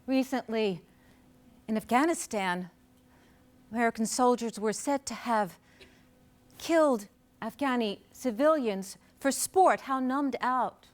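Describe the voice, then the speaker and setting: A woman poet introducing her poems on stage in an earnest, measured way with deliberate pauses. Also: on the high side. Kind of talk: spoken introduction at a poetry performance. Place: live performance on stage.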